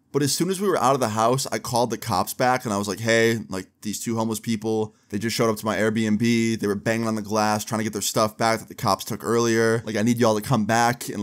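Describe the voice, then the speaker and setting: A young man telling a story to camera in a casual, animated way, with slang and swearing, acting out what other people said. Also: medium pitch. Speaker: storyteller vlogger.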